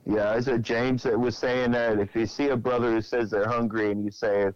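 A man's voice: mid-range voice, flat delivery, moderate pace, few pauses, no echo, muffled recording. A man on a Christian podcast who talks plainly and wryly, quoting scripture. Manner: plain-spoken, wry, quotes scripture. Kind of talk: casual faith podcast chat.

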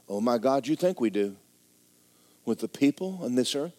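A middle-aged man preaching a folksy, joking sermon in a church, swinging between loud exhortation and quiet asides. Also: medium pitch, lively intonation, moderate pace. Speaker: pastor.

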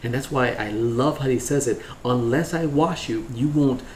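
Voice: medium pitch, moderate pace, reverberant, slight background noise. A co-host of a devotional Bible study who affirms with amens and prays about repentance. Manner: affirming, answering with amens and short agreements. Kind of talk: devotional Bible discussion and prayer.

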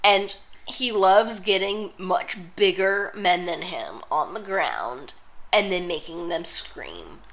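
A woman's voice: fairly low pitch, lively intonation, slow pace, a bit bright. A woman co-hosting a podcast in casual chat, blunt and sarcastic with strong opinions. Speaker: podcast co-host.

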